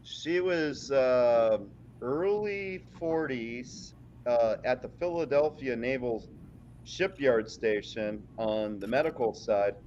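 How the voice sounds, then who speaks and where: A man's voice: medium pitch, a little mellow. A man in a mid-range voice tells a service story in stops and starts, trailing into fillers as he searches for his words. The audio is dull and lo-fi, with a faint hiss underneath. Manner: rambling, halting with fillers. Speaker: military veteran podcast guest. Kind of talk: casual chat.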